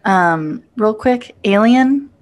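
A woman's voice: mid-range voice, lively intonation, slow. A woman casually talking about films as a podcast co-host, enthusiastic and joking. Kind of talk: casual movie review chat.

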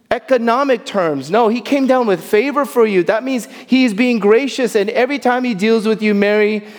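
A male pastor preaching a sermon in a church, animated, dropping to soft emphasis. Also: very high voice, long reverb tail. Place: church sanctuary.

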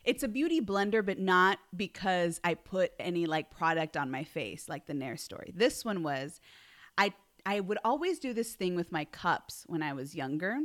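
A woman's voice: on the low side, normal speed. A woman co-hosting a casual podcast, telling a funny story with lots of laughter and acted-out voices. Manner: animated, laughing often, acts out quoted voices. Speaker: podcast co-host.

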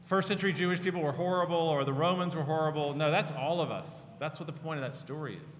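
Earnest pastor preaching in a reverberant hall. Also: male voice, a little high, fast, slight background noise. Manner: earnest, often dropping to a hushed, tender tone. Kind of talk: sermon. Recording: long reverb of a large hall.

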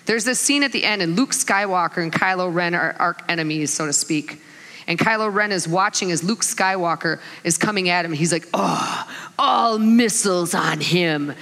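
In a large hall, a middle-aged woman with kids delivers a sermon in a lowish voice, talking a little fast. Her storytelling is animated, with laughter and impressions of the people involved.

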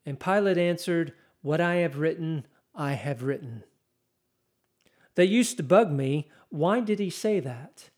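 A man delivering a sermon at a slow, deliberate pace, his voice sitting a little high. He reads scripture dramatically, building intensity as he goes. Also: animated, darkish tone. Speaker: preacher.

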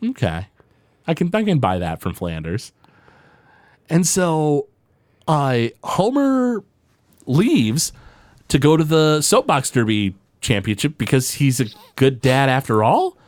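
A man with a mid-range voice co-hosts a podcast, recapping a cartoon episode in casual chat. He's animated and uses many fillers, jumping into quick character impressions, on a dry recording.

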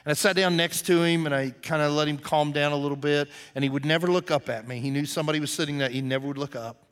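This pastor talks fast in a smooth, slightly bright voice that is fairly high and steady in tone. His sermon relates a personal story conversationally before building into an emphatic, earnest, intense finish.

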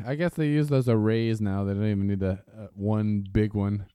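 Man, laid-back podcast co-host, smooth clear voice, dry and close. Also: on the low side, fairly even intonation, moderate pace, warm tone, no echo. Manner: laid-back, laughing, reactive. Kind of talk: casual podcast chat.

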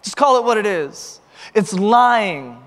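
A man's voice: high-pitched, animated, takes it slowly, a bit bright, big-room sound. A man preaching a sermon with passion, often repeating words as he builds a point. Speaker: pastor.

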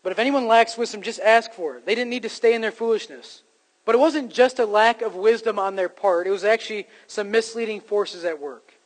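A man's voice: high voice, a little fast, poor audio. A man preaching a sermon to his congregation, in a conversational style that rises to emphatic points. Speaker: pastor.

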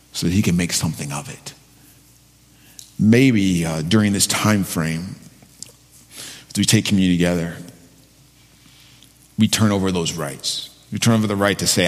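A man pastor delivering a sermon and prayer, halting, with frequent restarts and fillers. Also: deep voice, big-room sound. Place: church sanctuary.

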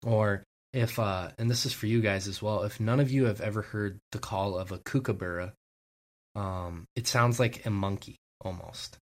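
Man, lowish voice, casual podcast chat, enthusiastic, rambling. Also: moderate pace. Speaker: podcast co-host.

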